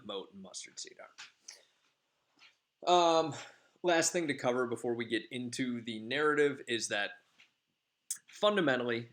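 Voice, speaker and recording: A man's voice: medium pitch, fairly bright tone. A male teacher giving a casual, rambling class lecture, full of filler ums. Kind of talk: classroom lecture summarizing a play.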